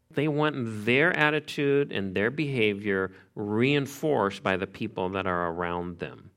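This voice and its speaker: A pastor preaching an expository sermon in a conversational, emphatic way, repeating key phrases. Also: male voice, on the low side, a bit bright, smooth.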